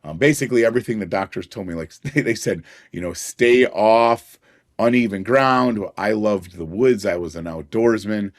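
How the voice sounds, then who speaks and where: A man's voice: fairly low pitch, normal speed. A middle-aged man, a podcast guest, telling personal stories in an earnest way and chuckling now and then. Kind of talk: personal storytelling in a conversation.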